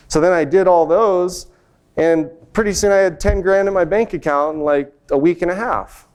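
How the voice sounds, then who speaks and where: Young guy on stage telling his come-up story, kinda high smooth voice, acts out the people he quotes. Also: normal speed, darkish tone. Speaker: conference speaker. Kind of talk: personal success story told on stage. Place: event stage before an audience.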